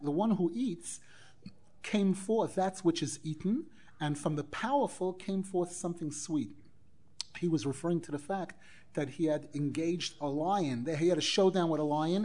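A man teaching a Torah class as a rabbi, animated, acting out quoted dialogue and weaving in Hebrew phrases. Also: fairly high pitch. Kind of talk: Torah lecture.

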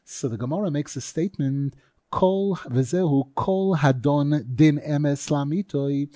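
A man's voice: on the high side, unhurried, mellow, dry recording. A man teaching a Torah class in an earnest, emphatic way, stressing key phrases by repeating them.

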